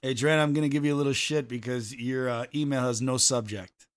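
Animated Chicago man telling stories. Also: mid-range voice, fairly quick, clean tone. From Chicago area. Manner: animated storyteller, jokey. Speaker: podcast co-host. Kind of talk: casual chat.

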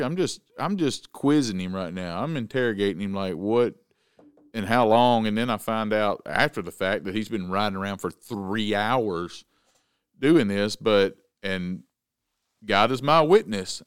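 A man hosting a casual chat, telling an animated story and acting out the voices. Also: medium pitch, clean tone, no echo, studio quality. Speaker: podcast host.

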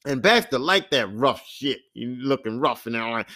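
A man's voice: medium pitch, lively intonation, moderate pace, few pauses, pushed and bright. A man in his forties hosting a podcast, telling a rambling, profane, self-mocking story. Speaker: podcast host. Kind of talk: casual storytelling monologue.

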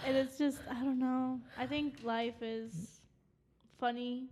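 Young woman, fairly high voice, casual podcast chat, candid, laughs a lot, swears freely. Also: fairly even intonation, slow, a little mellow. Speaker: podcast co-host.

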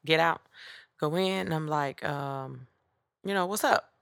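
Low gravelly woman, blunt and sassy. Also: measured pace, fairly bright tone, no room sound, clean studio sound. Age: adult with children. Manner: blunt, profane and candid; sassy, speaks straight to listeners. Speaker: podcast host. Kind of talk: casual storytelling monologue.

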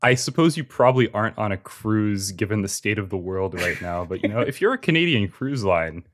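A man's voice: fairly low pitch, animated, a little fast. A young adult man hosting a podcast, teasing his friends with dry quips and introducing the next segment. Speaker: podcast host.

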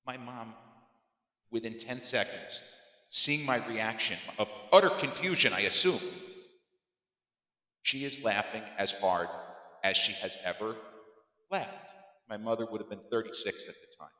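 Male host, around 50, emphatic storyteller; bright voice, reverberant room. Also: measured pace, long pauses. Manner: animated, emphatic, voice climbing high when acting exasperated. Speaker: podcast host. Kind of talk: storytelling monologue. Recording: echoey room with long reverb.

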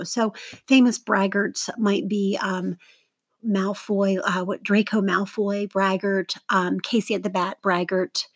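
Breathy, chatty woman teacher. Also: mid-range voice, no room sound. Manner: chatty, informal, drifts into asides. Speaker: middle school teacher. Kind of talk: recorded vocabulary lesson.

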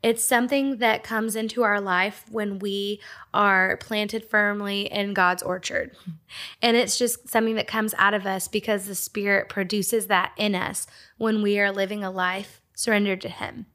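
A woman's voice: mid-range voice, fairly even intonation, a little slow. A young woman from Georgia, giving a casual devotional talk with fillers and small laughs. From Georgia, USA. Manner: casual, warm storytelling with fillers and little laughs. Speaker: speaker at a Christian ministry. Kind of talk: devotional teaching.

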